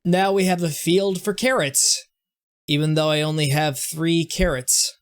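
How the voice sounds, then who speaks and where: A young man talks through his game in a casual, self-mocking way, often stammering and restarting his sentences. His voice sits a little higher than most men's. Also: steady tone, measured pace. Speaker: gaming streamer. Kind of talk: casual gameplay commentary.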